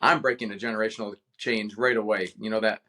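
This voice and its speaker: A man's voice: fairly low pitch, fairly even intonation, fast, pushed and bright. A man from Cleveland, a retired veteran, telling a personal story as a podcast guest with passion and animation. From Cleveland, Ohio, USA. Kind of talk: casual interview storytelling.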